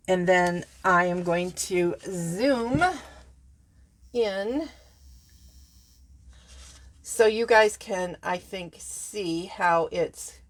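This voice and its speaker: A woman giving a casual card-making tutorial, chatty and self-correcting, talking straight to her viewers as she works. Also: fairly low pitch. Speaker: papercraft demonstrator.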